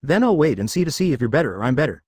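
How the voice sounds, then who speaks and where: A synthetic male narrator voicing a cold, arrogant young ninja who speaks calmly and mockingly. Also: mid-range voice, racing, breathy edge, no room sound, clean studio sound. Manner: calm, icy and mocking.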